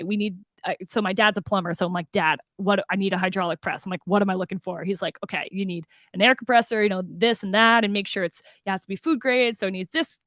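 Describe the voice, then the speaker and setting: Young woman from arizona gushing about her business, acts out the dialogue, highish voice. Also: fairly bright tone, dry recording. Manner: enthusiastic, acts out dialogue, fillers like "like" and "oh my God". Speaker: guest, food business owner. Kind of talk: animated storytelling interview.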